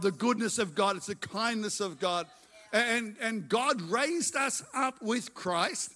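Bright, high-voiced preacher man. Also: lively intonation, unhurried, faint music behind. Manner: emphatic, repeats phrases, tells personal testimony. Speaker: pastor. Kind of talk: sermon.

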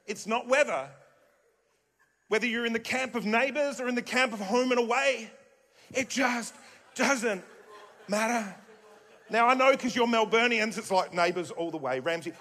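High-voiced Australian pastor preaching. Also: male voice, a bit bright. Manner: emphatic, repeats key phrases, jokey asides. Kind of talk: sermon. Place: church auditorium. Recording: long hall reverb in a church.

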